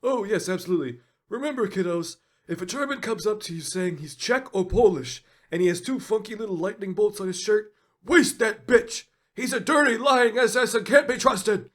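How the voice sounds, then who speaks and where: A man's voice: high-pitched, expressive, fairly quick, few pauses, a little mellow, voice pushed up. A folksy, grandfatherly old veteran rifle, as a man puts him on, speaking in a raised voice. He drawls on like a kindly elder in a comedy skit.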